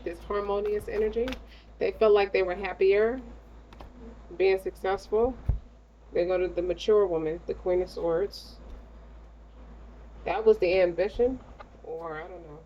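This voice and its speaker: A woman's voice: mid-range voice, steady tone, a little slow, long pauses, mellow, muffled recording, slight background noise. A woman giving a casual tarot reading in a blunt, slangy, streetwise way. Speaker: tarot reader.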